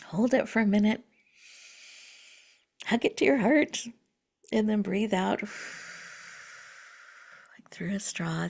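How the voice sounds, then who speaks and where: A woman hosting a radio talk show, guiding listeners through a slow breathing meditation in a soft, gentle voice that often drops to a half-whisper. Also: mid-range voice, creaky, husky. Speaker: host. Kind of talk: guided breathing meditation and reflection.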